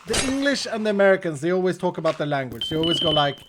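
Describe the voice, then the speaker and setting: On his game stream, a man from Sweden jokes around and rambles off on playful tangents in his Swedish accent. He sounds high and sing-song, talking very fast over a noisy background.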